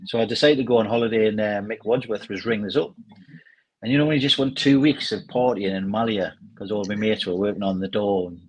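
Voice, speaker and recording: A man, a former footballer casually telling lively anecdotes and mimicking people in them. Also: lowish voice, fast, a little hiss or hum, poor audio. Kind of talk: casual storytelling.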